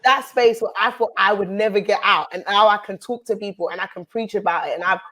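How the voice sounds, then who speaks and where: A woman host speaks in an earnest, preaching cadence, sharing a heartfelt personal testimony. Her pitch sits at a middling level for a woman, and she lets her words build like a minister addressing a congregation. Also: brisk, fairly bright tone, poor audio.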